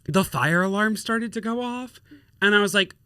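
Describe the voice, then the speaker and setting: Casting note: playful male podcast co-host, slightly high, bright voice, dry close mic. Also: normal speed, clean tone, dry recording. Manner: playful, laughs often, exaggerated reactions. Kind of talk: casual chat.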